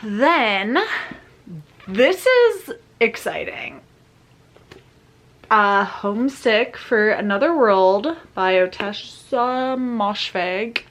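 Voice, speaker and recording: A young woman vlogs about books in a loose, chatty way, leaning in close to her camera as if sharing gossip. She takes her time, drawling through her words and piling up fillers. Her pitch sits in a middle range for a woman. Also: drawn-out words. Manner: chatty, filler-heavy, animated storytelling. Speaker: book vlogger. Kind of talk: casual vlog chat. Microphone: camera mic, talking close to camera.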